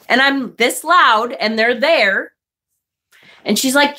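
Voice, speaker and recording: Outraged storytelling woman vlogger, profane. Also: a little slow. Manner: animated and profane, replaying quarrels in high outraged bursts. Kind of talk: casual storytelling vlog, reading live chat.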